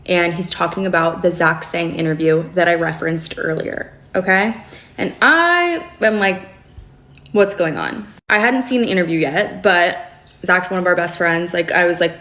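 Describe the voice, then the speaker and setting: A young woman telling a long personal story to camera in a casual, animated storytime vlog, full of fillers and asides. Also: on the low side, moderate pace, roomy sound. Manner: animated, chatty, frequent fillers. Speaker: storyteller recounting a relationship.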